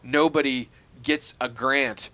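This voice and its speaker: A man co-hosting a podcast, chatting casually and telling animated stories with the odd curse. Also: mid-range voice, slow pace. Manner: profane, animated storytelling. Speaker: podcast co-host. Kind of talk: casual chat.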